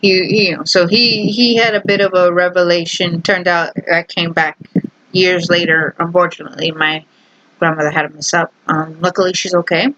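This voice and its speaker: A woman's voice: on the low side, flat delivery, moderate pace, a bit bright, muffled recording. A young adult woman vlogger telling a family story in a casual, rambling, amused way.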